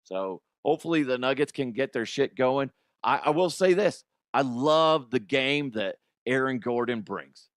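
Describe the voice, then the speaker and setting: Blunt, cursing sports-show host, animated delivery, dry close sound. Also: male voice, medium pitch, unhurried, no room sound. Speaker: sports comedy podcast host. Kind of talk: profane sports rant.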